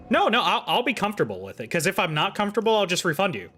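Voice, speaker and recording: Playful, animated male streamer. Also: high-pitched, very fast, few pauses, slightly rough. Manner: playful, teasing. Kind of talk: casual livestream chat.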